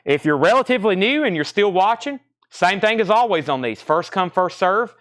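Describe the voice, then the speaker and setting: A man's voice: high-pitched, animated, normal speed, fairly bright tone, no room sound, studio quality. Southern man rattling off auction bids. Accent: Tennessee Southern. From Tennessee. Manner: rattles off bids and prices, repeats himself. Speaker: live record sale host. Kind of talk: live-stream auction selling.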